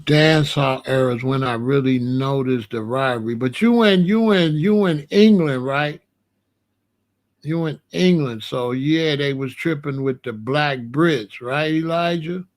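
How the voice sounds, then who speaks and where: A man's voice: mid-range voice, measured pace, few pauses. A man hosting a casual commentary show in an African American accent, rambling and retelling conversations with many repeats and restarts. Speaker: host.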